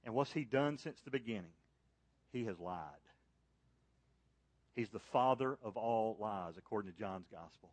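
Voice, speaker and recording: A man preaching a sermon to a church congregation, rising to loud, high emphasis on key points and falling soft and low in prayer. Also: expressive, a little slow, long pauses, no room sound. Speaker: pastor. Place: church service.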